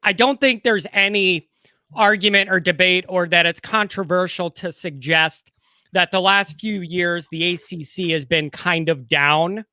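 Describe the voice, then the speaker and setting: A man's voice: high-pitched, steady tone, measured pace, pushed and bright, smooth, no echo, clean studio sound. A man with a Chicago accent co-hosting a casual sports talk show, conversational and steering the topics. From Midwest US. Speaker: show co-host.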